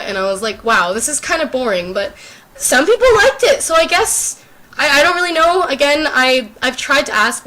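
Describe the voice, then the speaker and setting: A woman's voice: a little high, bright, forceful tone. A teenage girl with a sore throat, chatting casually and rambling to the camera, self-deprecating and full of fillers. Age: teens. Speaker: YouTuber. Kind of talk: casual unscripted chat to camera.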